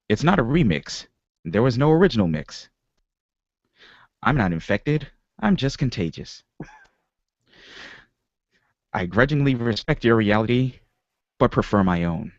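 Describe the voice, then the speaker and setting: Low-voiced man reading deadpan. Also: no echo. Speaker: podcast guest. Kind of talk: reading writing prompts aloud. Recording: dry, muffled lo-fi audio.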